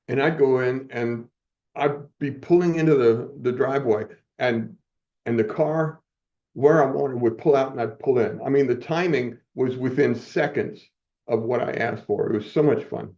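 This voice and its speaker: Mellow older man telling stories. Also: mid-range voice, moderate pace. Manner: rambling, chuckles often, self-correcting. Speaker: podcast guest. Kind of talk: storytelling in a casual interview. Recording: muffled, dull audio.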